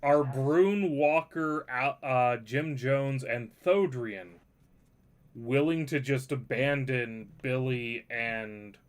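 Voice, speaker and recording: A man's voice: medium pitch, slow pace. A man running a tabletop game as game master, narrating with dry, wry humor.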